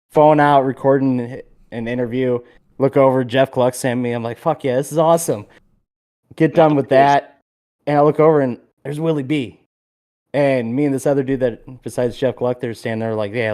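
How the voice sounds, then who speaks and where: Podcast co-host, male, casual storyteller with a lot of swearing. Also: mid-range voice. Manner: animated storyteller, swears freely.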